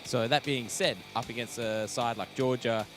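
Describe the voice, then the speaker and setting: Young guy doing esports color commentary, mid-pitched, chatty, lots of uhs, teasing his co-caster. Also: steady tone, normal speed, soft background music. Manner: chatty analytical, heavy fillers, teasing banter.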